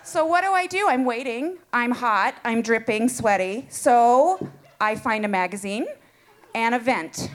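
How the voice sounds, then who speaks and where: A woman telling a comic personal story live to an audience, animated and playful, laughing as she goes. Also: fairly high pitch, measured pace.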